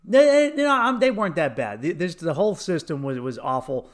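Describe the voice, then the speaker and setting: High-voiced man telling a profane comedy story. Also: a little fast. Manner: profane, laughing, animated retelling with acted quotes. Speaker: comedian podcast host.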